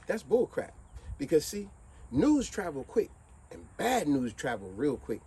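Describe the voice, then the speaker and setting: A streetwise man speaks straight to camera in a preachy, animated monologue. His pitch swoops and climbs often. His voice is slightly high yet soft and mellow. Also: unhurried, breathy edge, low-quality recording. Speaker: vlogger. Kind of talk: motivational monologue with fable.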